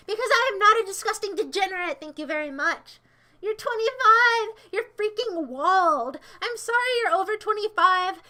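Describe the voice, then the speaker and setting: A woman's voice: high-pitched, bright, forceful tone. A young American woman livestreaming, casually rambling and teasing her chat with sarcastic remarks.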